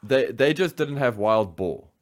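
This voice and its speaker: A man co-hosting a podcast, talking in a loose, animated way. He laughs often and acts out what fans say in exaggerated voices. His pitch sits in the ordinary middle range for a man. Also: a little slow. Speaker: podcast co-host. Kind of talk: casual podcast chat.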